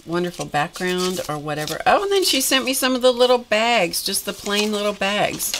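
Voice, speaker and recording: Against a noisy background, a middle-aged woman speaks at a moderate pace in a mid-range voice whose pitch swings widely. She's casually chatting on a craft live stream, opening happy mail, exclaiming at gifts and addressing viewers, with a slightly tired voice and the odd cough.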